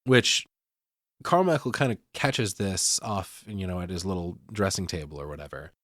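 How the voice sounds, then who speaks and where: A man's voice: low-pitched, normal speed, a bit bright, no echo. Profane man recapping a film, dry sound. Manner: profane, laughs often. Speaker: podcast host. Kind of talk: casual film recap chat.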